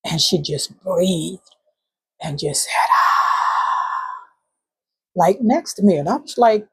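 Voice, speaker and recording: A woman hosting a spiritual channel, telling a heartfelt story from her bedroom in a halting way with fillers and soft whispered moments. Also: on the low side, lively intonation, slightly rough. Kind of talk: emotional spiritual testimony vlog.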